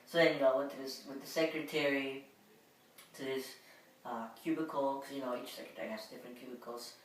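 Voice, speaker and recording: A woman's voice: rumbling low, fairly even intonation, quick pace, far from the mic. A woman vlogger telling a personal story in a casual, rambling way, full of filler words. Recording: very echoey room, voice away from mic, faint hum.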